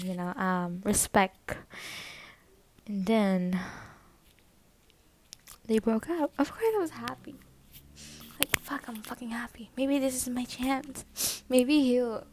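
A young adult woman telling a personal story in casual chat, swearing often, leaning on fillers and sometimes dropping to a whisper. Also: fairly high pitch.

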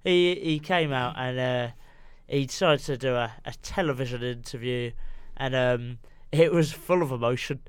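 A man co-hosting a casual football podcast in a studio, hesitant with many uhs and deadpan jokes. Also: mid-range voice, normal speed, hardly any pauses, clean tone, dry recording. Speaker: podcast co-host.

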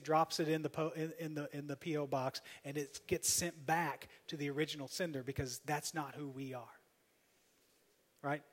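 A man with a somewhat high voice preaches as pastor. He swings between loud, emphatic appeals and soft, almost hushed asides. The recording carries the long reverb of a church hall. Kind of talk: sermon.

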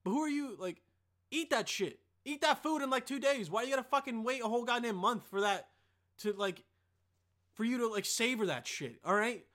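High, bright-voiced young man ranting. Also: moderate pace. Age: young adult. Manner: profane, excitable, rants with sudden loud bursts. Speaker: podcast host. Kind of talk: casual rambling monologue.

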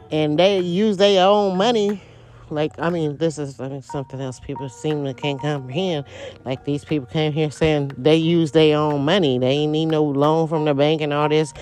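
A woman's voice: low-pitched, steady tone, moderate pace, a little mellow. Blunt, foul-mouthed woman ranting. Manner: blunt, heavily profane, rambling and repetitive. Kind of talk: casual monologue rant.

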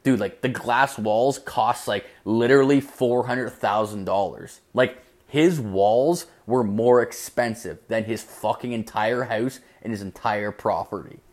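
A man's voice: lowish voice, measured pace, few pauses, a little mellow. A young man spinning a story in a loose, casual comic style. He rambles and swears constantly, peppering everything with "like". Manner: profane, rambling, heavy on "like".

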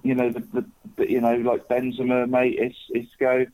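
A man's voice: mid-range voice, completely flat delivery, normal speed, mellow. A man chatting casually as a podcast co-host, rambling and calling everyone "mate". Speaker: podcast co-host, football tipster. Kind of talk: casual chat. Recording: tinny phone-like line.

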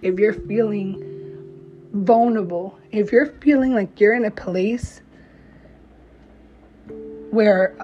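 A young adult woman, a mother, speaking to camera in a heartfelt, blunt, profane and encouraging monologue. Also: mid-range voice. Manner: blunt, profane, encouraging, slow emphatic phrasing. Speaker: mom vlogger. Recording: slightly dull lo-fi recording with faint music behind.

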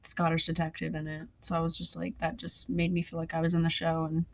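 A woman's voice: low voice, monotone, fast. A young adult woman chatting casually as a podcast co-host, telling a story and swearing freely. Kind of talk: casual chat.

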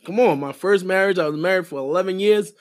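A man's voice: high-pitched, fast talker. A middle-aged man, podcast co-host and wedding officiant, talking in an emphatic, repetitive, preacher-like way in casual chat.

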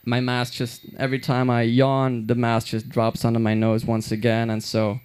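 A man's voice: mid-range voice, monotone, moderate pace, darkish tone, smooth. A young man from Belgium telling stand-up stories in a loose, rambling way with lots of fillers and restarts. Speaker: stand-up comedian. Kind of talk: stand-up comedy storytelling.

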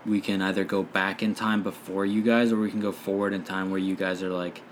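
A man who runs a tabletop game, talking in a relaxed, rambling way with lots of fillers. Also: sits low, brisk, slight background noise. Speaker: dungeon master. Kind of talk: casual podcast chat.

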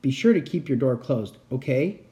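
A jovial inventor uncle, as a man puts him on, brisk and reassuring in a storybook reading. His voice is mellow and lively, with plenty of movement in the pitch. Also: close to an everyday voice.

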